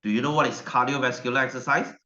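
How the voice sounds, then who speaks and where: A man's voice: mid-range voice, fairly even intonation, fast, bright, forceful tone. A male science teacher, giving a chatty online class lecture and repeating his questions to the class. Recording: dull, roomy echo.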